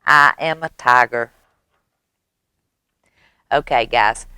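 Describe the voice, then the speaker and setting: A woman storyteller at a library, reading a picture book to children in a slow, sing-song, animated way. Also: extremely low pitch, clean tone, no room sound, clean studio sound.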